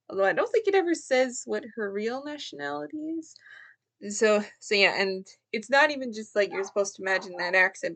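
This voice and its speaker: A woman's voice: medium pitch, a bit bright. A young woman giving a casual book review, thinking aloud with fillers and restarts.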